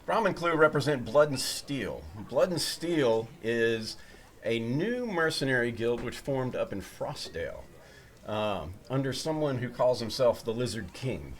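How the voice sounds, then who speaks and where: A man narrating a tabletop game as game master, at an ordinary middle pitch. He talks loosely and rambles, filling gaps with "um" and "uh" as he sets the scene. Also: animated, measured pace. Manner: rambling, loose, with many fillers.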